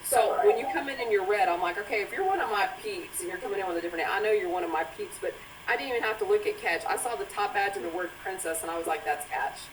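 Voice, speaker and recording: A woman's voice: mid-range voice, fast, hardly any pauses. A woman hosting a live stream after-show, chatting casually and swearing as she laughs through stories. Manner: profane, laughing, animated storytelling. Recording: echoey room, far from mic, faint noise.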